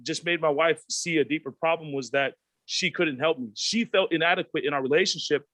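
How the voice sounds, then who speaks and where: Over a video call, a Pacific Islander man speaks as a guest in a candid panel discussion. His voice is fairly high and fairly bright, his delivery brisk, with no echo. He comes across as reflective and earnest, and he acts out the voices of people he quotes.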